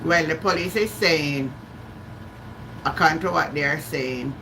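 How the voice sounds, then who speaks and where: Jamaican woman, live-stream host, chatty, bright and tense tone, faint background noise. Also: low-pitched, unhurried, poor audio. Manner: chatty, greets viewers by name, slips into patois. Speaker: livestream host. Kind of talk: live-stream chat with viewers.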